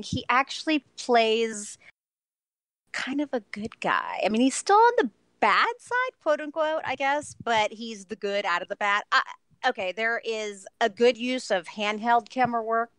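A woman's voice: on the high side, fairly bright tone, no echo. A woman reviewing a film on a podcast in casual chat, enthusiastic and gushing, often laughing between thoughts.

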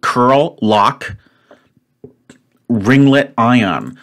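Slow-talking man muttering through a puzzle. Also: mid-range voice, animated, a bit bright. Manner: thinks aloud, muttering, growing frustrated. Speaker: puzzle-solving host. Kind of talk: solo puzzle-solving commentary.

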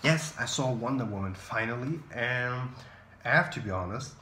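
A man's voice: mid-range voice, lively intonation, normal speed, bright, forceful tone, a little hiss or hum. Young male vlogger in his twenties, casual self-deprecating chat to camera, mid voice, roomy sound. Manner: chatty, opinionated, self-deprecating. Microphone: camera mic. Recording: roomy echo.

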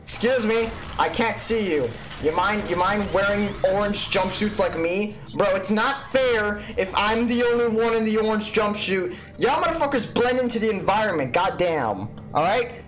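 A man gives loose gaming commentary, swearing freely and joking as he plays. His voice sits high for a man. He sounds excitable and quick to react. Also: soft background music. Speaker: let's play host.

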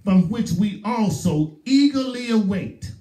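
A man's voice: high-pitched, animated, measured pace, dark tone. A male pastor with a Southern US accent, preaching a sermon with emphatic repetition. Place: church sanctuary. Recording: roomy echo, voice from far off.

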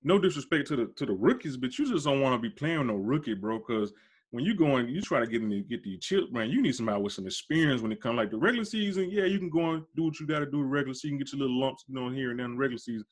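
A man's voice: mid-range voice, big pitch swings, rapid-fire, slightly rough. A man hosting a podcast, arguing basketball in casual slangy talk, emphatic and insistent, his voice shooting up when he presses a point. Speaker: podcast host. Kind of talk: casual sports debate.

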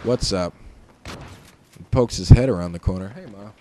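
A man giving casual gameplay commentary, joking and trash talking, swinging between shouts and mutters. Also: fairly low pitch, measured pace, a little hiss or hum. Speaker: gaming commentator. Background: game gunfire and explosions.

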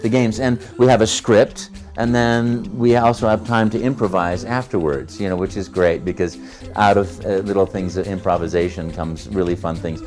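Voice actor guy telling stories, lower voice, very animated, acts out all the dialogue, faint music underneath. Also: moderate pace. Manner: animated storyteller acting out dialogue. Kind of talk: interview anecdote.

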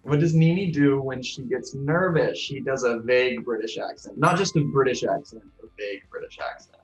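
A man in his twenties answering trivia questions in casual chat, thinking out loud with a self-deprecating manner. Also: mid-range voice, normal speed, lo-fi sound, faint music behind.

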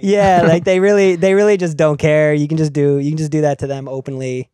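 A man's voice: on the high side, steady tone, fairly quick, mellow, smooth, dry recording. A man co-hosting a comedy podcast in a loose, rambling way, full of fillers and restarts and laughing mid-thought. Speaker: podcast co-host. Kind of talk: casual comedic chat.

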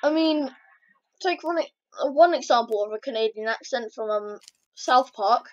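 A British woman chats bluntly and teases her friend. Her voice is high but mellow and warm. The sound is dull and lo-fi. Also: animated, moderate pace. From Britain. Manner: blunt, teasing. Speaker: co-host. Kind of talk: casual chat.

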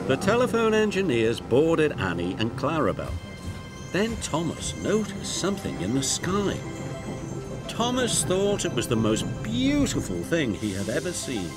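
A man narrating a children's cartoon story in an expressive storytelling manner. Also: medium pitch, measured pace. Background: music.

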